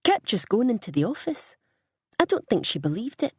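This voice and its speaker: A woman voicing a wry, matter-of-fact teenage girl, pitched above her narration. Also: big pitch swings, normal speed, darkish tone, husky, dry recording, studio quality, heavily acted.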